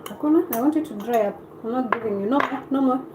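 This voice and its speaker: A woman's voice: fairly high pitch, fast talker, background noise. A woman from Kenya with a Kenyan accent, hosting a casual live stream and chatting back to viewer comments.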